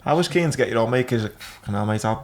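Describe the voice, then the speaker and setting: A man's voice: mid-range voice, expressive, fast. A man hosting a podcast, telling crude, funny anecdotes in a casual, chatty way. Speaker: podcast host. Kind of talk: casual chat.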